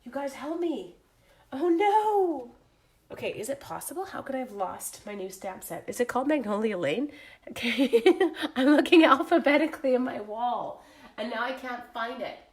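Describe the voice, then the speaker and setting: Woman, sick with a cold, chatty live host, flustered, fairly high voice. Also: lively intonation, normal speed. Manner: flustered, chatty, moves away from the camera. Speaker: crafting livestream host. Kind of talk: casual live chat.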